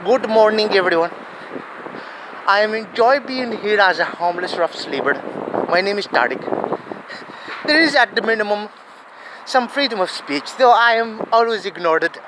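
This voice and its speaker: A man's voice: sits high, animated, moderate pace, long pauses. A man mimicking a cheerful homeless man with a put-on Indian English accent and broken grammar, recorded outdoors with wind noise.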